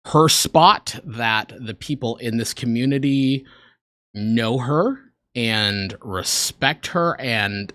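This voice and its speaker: American man, low voice, casual reaction commentary, dry close sound. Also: fairly bright tone, no echo. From United States. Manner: earnest, rambling, emotional at times. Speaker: streamer reacting to videos.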